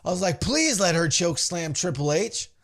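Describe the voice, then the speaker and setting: A man's voice: high-pitched, normal speed. A man hosting a podcast, recapping a wrestling show in a casual, profane way and acting out the quotes. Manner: animated, acts out quotes in put-on voices, swears freely.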